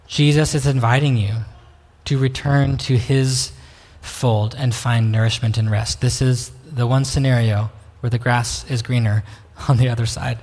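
A man preaching a sermon as pastor, slow and reflective, pausing to invite listeners in. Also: mid-range voice, steady tone, darkish tone. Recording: long reverb of a hall.

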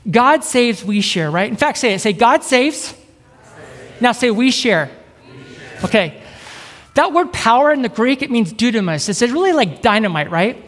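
A middle-aged man with a high voice, an evangelist giving an energetic sermon and keeping a live audience engaged. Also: brisk. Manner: upbeat, keeps asking the crowd "right?". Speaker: evangelist preacher. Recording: reverberant hall.

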